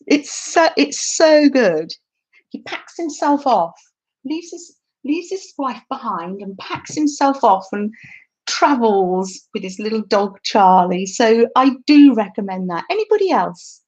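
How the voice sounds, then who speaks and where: A woman's voice: high voice, a little mellow, slightly rough, muffled recording. A woman hosting a craft livestream, chatting to viewers in a giggly, rambling way while demonstrating. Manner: chatty, giggly, restarts often. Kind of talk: casual craft demonstration to live chat.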